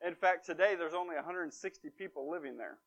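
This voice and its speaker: A man's voice: on the high side, fast talker, fairly bright tone. A man preaching a conversational sermon, retelling a story with wry, emphatic asides. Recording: dull lo-fi recording.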